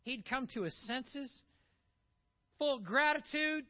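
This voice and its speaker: A man with a high voice delivers a sermon, swinging from emphatic, rising peaks to quiet asides. The recording sounds a bit dull and muffled. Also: lively intonation, takes it slowly. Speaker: pastor.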